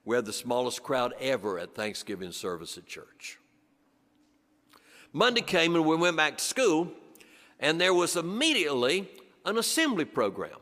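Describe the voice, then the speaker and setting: An older man from western North Carolina, telling a story to an audience in rhythmic repetitions that sink low and soft on the refrains. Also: very animated, moderate pace. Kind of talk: storytelling performance. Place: church sanctuary before an audience. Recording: long church reverb.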